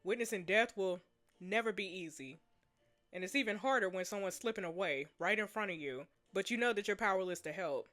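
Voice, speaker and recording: A woman voicing a steady male survivor friend in a story game, speaking in a measured, quiet, reassuring way. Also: medium pitch, faint music behind, pitched below the performer's own voice, lightly acted. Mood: calm.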